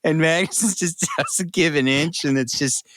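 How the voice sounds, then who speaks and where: A man's voice: a little high, moderate pace, fairly bright tone, no room sound, studio quality. A man co-hosting a casual podcast chat, who often laughs through his sentences. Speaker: podcast co-host.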